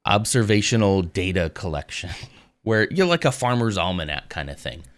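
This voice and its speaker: Low-voiced man chatting on stream. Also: moderate pace. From United States. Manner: relaxed and rambling, reads text aloud and answers chat. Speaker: live streamer. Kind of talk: casual live-stream chat and reading aloud.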